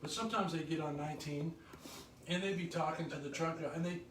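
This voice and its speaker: A man telling rambling tour stories in casual chat, slipping into lively quoted voices. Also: a little high, quick pace, far from the mic, slight background noise. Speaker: former touring musician telling road stories. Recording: echoey room, voice from off-mic.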